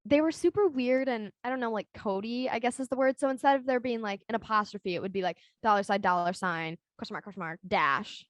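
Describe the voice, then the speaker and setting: A woman's voice: on the high side, dry recording. A young adult woman telling a long story in casual chat as a podcast co-host, rambling with lots of "like" and "um". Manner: rambling storytelling full of "like" and "um", quick laughs.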